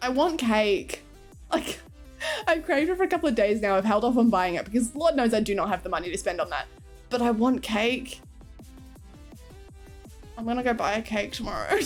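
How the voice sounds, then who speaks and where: Young woman streamer, bright-pitched and very animated, giggly and foul-mouthed in loose live chat; faint music in the background. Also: normal speed. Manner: giggly, swears freely, rambling.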